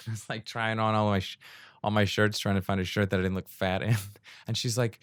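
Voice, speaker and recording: Guy rambling solo on his podcast, lowish voice, laughs at himself a lot, close dry home mic. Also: fairly even intonation, quick pace, clean tone, no room sound. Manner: rambling, self-deprecating, laughs often. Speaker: podcast host. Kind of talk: casual solo monologue. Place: indoors at home during a rainstorm. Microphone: new home mic.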